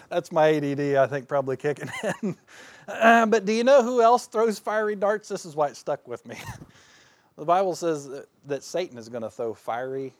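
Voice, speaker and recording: Folksy man preaching, self-mocking, higher voice. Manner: folksy, self-deprecating, laughs often; swings between loud bursts and quiet asides. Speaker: pastor. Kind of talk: sermon.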